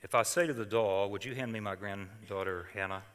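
Older male pastor, dramatic sermon delivery, bright tone in a reverberant hall. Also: lowish voice, a little fast, clean tone. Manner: dramatic scripture reading, swings from hushed to loud.

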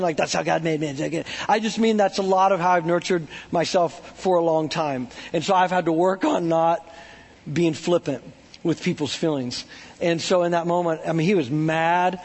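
A man preaching a casual, joking sermon, talking in a chatty way full of "like" and "right?". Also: high voice. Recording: long hall reverb.

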